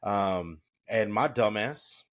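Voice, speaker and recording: A man with a slightly low voice tells a story with energy. He curses freely and acts out his own panicked reactions. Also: slow pace. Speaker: podcast co-host. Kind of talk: casual storytelling.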